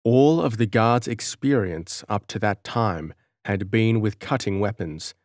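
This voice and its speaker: A man narrating an audiobook in a measured, dramatic storytelling manner. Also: lowish voice, darkish tone, dry recording, studio quality.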